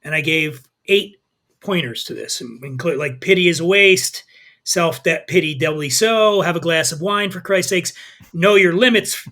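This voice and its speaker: A man with a high, bright voice chats as a podcast guest and reads from his book. His telling is lively and irreverent, with a forceful edge. He swears freely. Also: measured pace. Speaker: podcast guest, drinks writer. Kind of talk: casual chat and reading from his book.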